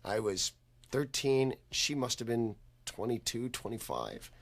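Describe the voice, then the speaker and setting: A man's voice: medium pitch, sing-song, a little slow. Man telling a wry anecdote. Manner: wry storytelling. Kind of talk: comedic anecdote.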